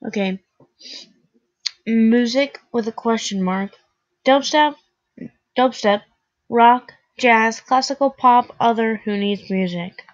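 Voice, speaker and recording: A woman's voice: fairly high pitch, slow pace, long pauses, dry recording, highs cut off. A teenage girl casually reacting to an online quiz, chatty and sarcastic, full of "like". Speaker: vlogger taking an online quiz.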